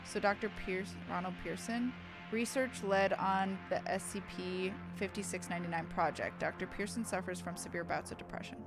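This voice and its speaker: A young adult woman streamer reads aloud dramatically to her chat, then chats casually, gushing and swearing freely. Her voice is mid-range, the recording rough, with background music.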